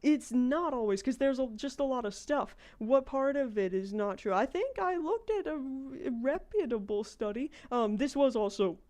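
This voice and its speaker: A woman's voice: high voice, animated, normal speed, few pauses, warm tone. An American woman streaming a game, chatting casually with her viewers and thinking aloud at length as she plays. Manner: rambling, thinks aloud while playing. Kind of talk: casual livestream chat.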